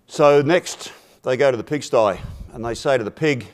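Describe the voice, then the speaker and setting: A man speaking at a forum, telling a simple fable in a measured, deliberate way and dropping his voice for punchlines. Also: medium pitch. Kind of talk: storytelling a fable in a talk.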